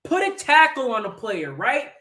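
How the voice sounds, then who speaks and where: A man's voice: very high voice, wildly swooping pitch, moderate pace, pushed and bright. A man hosting a football fan livestream, delivering an angry, profane match-reaction rant full of rhetorical questions. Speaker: host of a football fan channel. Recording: roomy echo.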